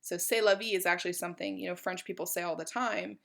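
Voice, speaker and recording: A woman's voice: fairly low pitch, steady tone, fast talker, gravelly, fairly bright tone. A woman giving a college art history lecture in a chatty, informal way, with many fillers.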